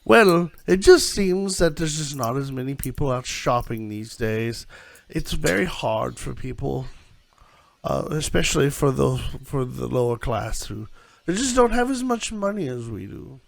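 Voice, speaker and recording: A man voicing a nervous, gossipy male dress shop owner who fawns over customers and drops rumours in a low, hesitant way. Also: very animated, measured pace, vocal fry, no echo. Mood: confiding. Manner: fawning, hesitant, confiding.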